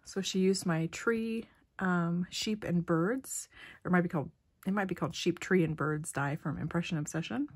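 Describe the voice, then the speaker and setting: A woman hosting her craft channel, chatting casually and gushing as she opens mail, often dropping into soft whispers. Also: lowish voice, brisk, breathy edge. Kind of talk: casual unboxing vlog.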